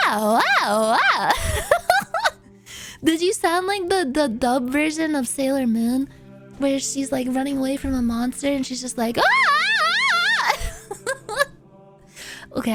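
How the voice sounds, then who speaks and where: Woman streamer, very high voice, casual chat, squeaky outbursts, swears a lot, faint music behind. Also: moderate pace, long pauses. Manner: animated, swings into loud squeaky outbursts; swears freely. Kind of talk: casual chat reading viewer confessions.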